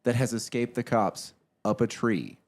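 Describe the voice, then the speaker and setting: A man in a casual podcast chat who laughs often and jumps in with quick jokes. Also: mid-range voice.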